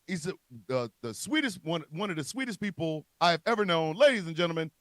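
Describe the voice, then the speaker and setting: A man hosting a casual comedy chat show, excitable and profane, hyping up each guest as he introduces them. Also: a little high, quick pace, no room sound. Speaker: show host.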